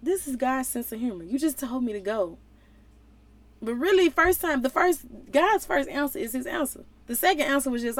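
A woman gives a casual Bible lesson in a high, bright voice. Her pitch leaps around as she talks. She uses a lot of slang and keeps slipping into playful character voices. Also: lively intonation, normal speed. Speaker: Bible teacher.

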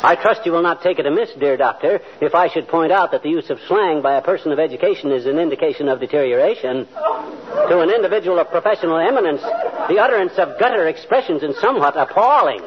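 A man's voice: on the high side, expressive, quick pace, a crowd in the background, close to an everyday voice. A man playing a blustering husband putting on airs. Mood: mock-posh. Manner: mock-pompous, putting on a fussy English manner. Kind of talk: 1940s radio comedy acting. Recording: muffled old radio broadcast with studio audience and hiss.

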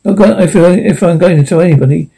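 A man's voice: sits high, quick pace, dark tone, slightly rough, low-quality recording. A man reading a dazed, hesitant young sailor. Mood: confused. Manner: hesitant, stumbling.

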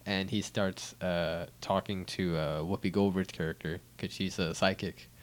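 Low-voiced man telling a rambling story. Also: steady tone, normal speed. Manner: rambling storyteller, heavy fillers, tag questions. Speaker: podcast host. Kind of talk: casual chat.

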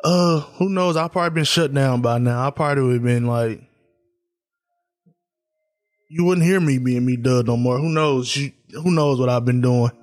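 Young male podcast host, solo, loose and candid, subdued and reflective, medium pitch. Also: a little mellow. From Tennessee. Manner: loose and candid, many fillers like uh and man. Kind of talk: solo casual podcast talk.

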